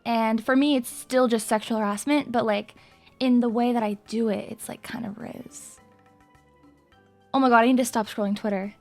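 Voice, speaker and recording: High-pitched hyper woman streamer. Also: steady tone, a little fast, soft background music. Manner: hyper, rambling and crude. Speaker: VTuber streamer. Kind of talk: casual live-stream chat.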